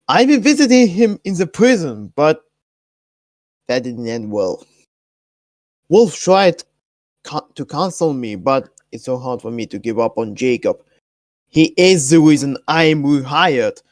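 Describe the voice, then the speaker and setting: A sad, self-pitying wrestler sighs through a quiet promo, as a man plays him. His voice sits in a middle range. The sound is close and dry. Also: medium pitch, no echo. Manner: sighing, sad and confessional.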